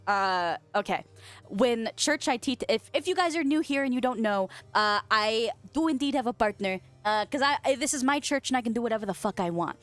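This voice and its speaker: A young woman streamer chatting casually with her viewers, playful and giggly, swearing freely and yelping in a squeaky voice. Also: a bit bright. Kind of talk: casual chat reading viewer messages. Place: home office.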